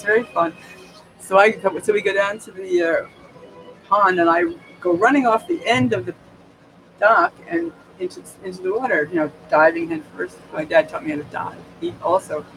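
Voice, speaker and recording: Here a vlogger from New York State, USA, talks at home into his camera's built-in microphone, drifting off on tangents, restarting constantly and laughing often. His voice is high-pitched and a bit bright, with vocal fry. The recording is low quality, with slight background noise and music playing.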